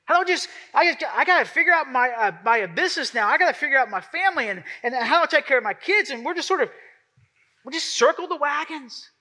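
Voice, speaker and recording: A man's voice: very high voice, lively intonation, fast, pushed and bright. A man preaching a sermon as pastor, talking conversationally and acting out the voices he quotes.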